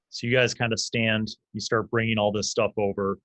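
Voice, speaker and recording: A man's voice: fairly low pitch, level tone, moderate pace, few pauses, a bit bright, dry recording. A man narrating a tabletop game as game master in a casual way, with loose fillers.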